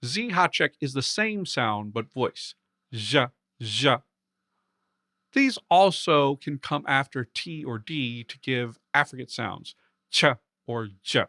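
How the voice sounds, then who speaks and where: A man's voice: mid-range voice, animated, measured pace, hardly any pauses, bright, forceful tone. A man hosting a language video, patiently explaining and demonstrating sounds. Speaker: conlang video host. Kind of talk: explanatory pronunciation lesson.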